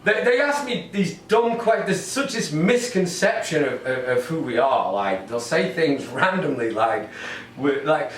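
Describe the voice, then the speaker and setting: Ranting English comedian, echoey room. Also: male voice, a little high, big pitch swings, unhurried, far from the mic, slight background noise. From England. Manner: ranting, with frequent ums and repeated words. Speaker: stand-up comedian. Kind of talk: stand-up comedy routine. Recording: roomy echo, off-mic, faint ambience.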